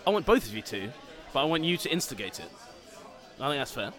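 Bright, teasing man in bar banter. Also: medium pitch, very animated, fast. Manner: teasing, laughing, mock-outraged. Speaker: podcast co-host. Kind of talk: casual banter.

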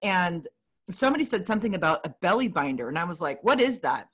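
A woman's voice: lowish voice, very animated, fast talker, a bit bright, husky. A woman chatting casually, candid and dramatic as she tells a personal story. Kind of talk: casual chat about surgery recovery.

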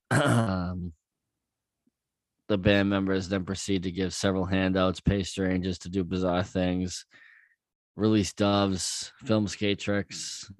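A man's voice: low voice, no echo, clean studio sound. A young man co-hosting a podcast, laid-back, reading his notes with fillers in casual chat. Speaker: podcast co-host.

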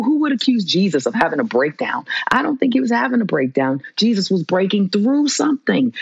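A woman's voice: lowish voice, vocal fry, husky, no echo, muffled recording. A woman, a trauma therapist on as a guest, giving an impassioned faith teaching with a preacherly, emphatic and repetitive delivery.

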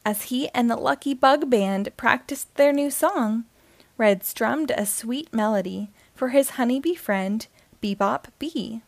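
A woman hosting and reading a children's book aloud in a slow, expressive way. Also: on the high side, gravelly, no echo. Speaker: host and reader.

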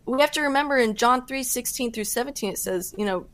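A woman speaking as a podcast guest, giving earnest faith testimony in casual talk with quick bursts and fillers. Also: fairly high pitch, fairly bright tone, no room sound. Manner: earnest, fast-talking with fillers.

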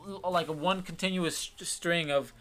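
A man's voice: a little high, fairly even intonation, measured pace, bright, forceful tone. A young man co-hosting a podcast, ranting earnestly in casual, slangy talk. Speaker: podcast co-host. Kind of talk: casual chat.

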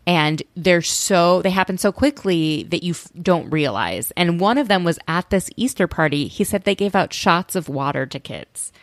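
A woman's voice: lowish voice, animated, normal speed, hardly any pauses, dry recording, studio quality. A woman hosting a podcast in casual chat, laughing often and trailing off mid-sentence. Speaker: podcast host.

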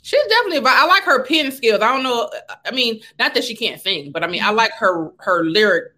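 A woman's voice: on the high side, animated, fast talker, bright, forceful tone. A woman hosting a casual interview chat, playful and teasing, often laughing. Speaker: host.

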